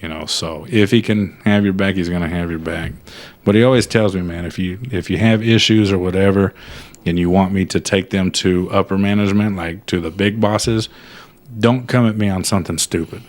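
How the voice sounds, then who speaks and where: Very deep-voiced laid-back man. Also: fairly even intonation, fairly quick. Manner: laid-back, laughs often, short backchannel replies. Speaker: podcast co-host. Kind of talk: casual chat.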